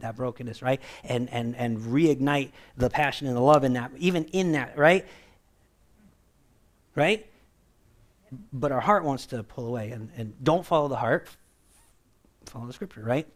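A man preaches a sermon conversationally, often tossing in "right?" He acts out the voices he quotes, shifting his pitch and loudness to do so.

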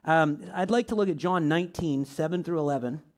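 Guy preaching to a small group, chatty, lots of rhetorical questions, fairly high voice. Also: fairly quick. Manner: conversational, asks many rhetorical questions; reads scripture aloud, shifts pitch and loudness often. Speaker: pastor or teacher.

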